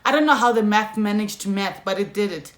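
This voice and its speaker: A woman's voice: medium pitch, a little fast, a little hiss or hum. Young South African woman in an echoey room. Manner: animated, slangy, keeps addressing viewers. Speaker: YouTuber. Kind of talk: storytime vlog.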